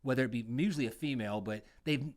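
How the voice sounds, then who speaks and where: An American man co-hosting a loose podcast conversation, telling stories full of profanity. His voice sits at an ordinary middle pitch but leaps up and gets louder when he gets worked up. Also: racing. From United States. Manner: profane, animated storytelling with swings in pitch and loudness. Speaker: podcast co-host, veteran. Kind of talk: casual chat.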